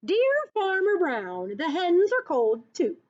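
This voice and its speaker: A woman's voice: very high-pitched, huge pitch swings, takes it slowly, pitched above the performer's own voice, full character voice. A woman voicing polite storybook cows reading out their letter in a prim, formal way, on a dull lo-fi recording. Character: polite typing cows in a picture book.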